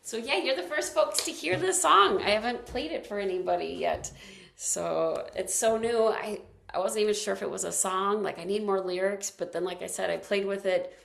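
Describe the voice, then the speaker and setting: A woman leading a free online movement class, chatting casually with many ums and restarts between gentle instructions. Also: medium pitch, moderate pace, gravelly, very echoey, far from the mic, a little hiss or hum. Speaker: movement and wellness class leader.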